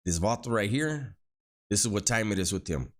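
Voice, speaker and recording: Ex-con storyteller, middle-aged man, deep voice, slangy and repetitive. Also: animated, moderate pace. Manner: street slang, repeats words, acts out quoted dialogue. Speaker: former prisoner telling his story. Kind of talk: casual spoken storytelling.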